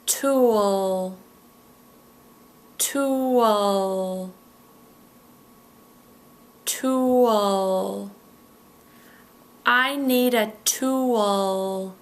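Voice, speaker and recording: Woman teacher doing slow pronunciation drills, says words twice, bit of vocal fry. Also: medium pitch. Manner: models words carefully, repeating each one.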